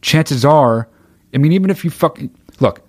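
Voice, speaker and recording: A man ranting on a livestream, heated and swearing constantly, with sudden bursts of shouting as he reads through chat. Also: on the high side, expressive, normal speed, husky, no echo, studio quality. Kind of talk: profane livestream rant.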